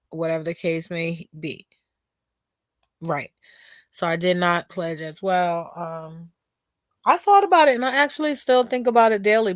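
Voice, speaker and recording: A woman's voice: medium pitch, no echo. A woman hosting a casual livestream, talking straight to her chat while losing her voice. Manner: chatty, talks straight to the chat. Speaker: livestream host.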